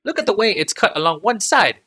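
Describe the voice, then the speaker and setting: A man voicing an anxious, deferential male servant in an audiobook reading, his voice pushed high and strained. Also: sing-song, brisk, pushed and bright, heavily acted. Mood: nervous.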